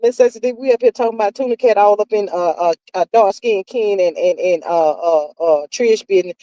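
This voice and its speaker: In a dry, poor-quality recording, a woman with a dark-toned, mid-range voice gossips on a live stream at a fairly quick pace. She drawls sassily, reads out viewer comments and calls people child and honey.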